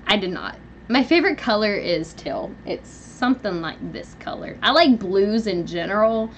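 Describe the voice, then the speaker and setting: A young woman hosting a live stream from home, rambling through an animated personal story with lots of fillers. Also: mid-range voice, moderate pace, a little hiss or hum. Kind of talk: casual venting live chat. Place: at home, indoors.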